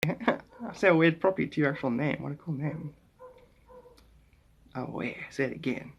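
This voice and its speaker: Gravelly, rambling live-streamer man. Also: fairly high pitch, lively intonation, moderate pace, pauses often. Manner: rambling, chuckling, answering viewers' comments; tries out playful German phrases. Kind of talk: casual live-stream chat. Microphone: phone.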